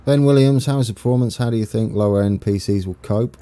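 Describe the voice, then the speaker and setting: A man's voice: fairly low pitch, fast, dark tone. A young English man with an East Anglian accent streaming a game, chatting casually, laughing at himself and greeting viewers by name. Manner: chatty, self-mocking, laughs often, reads out viewer names. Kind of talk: casual live-stream chat while playing.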